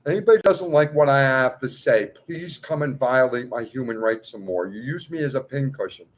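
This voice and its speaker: A man delivering an impassioned, rambling monologue straight to his viewers, swinging between shouting and muttering. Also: mid-range voice, animated, moderate pace, poor audio. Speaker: video poster.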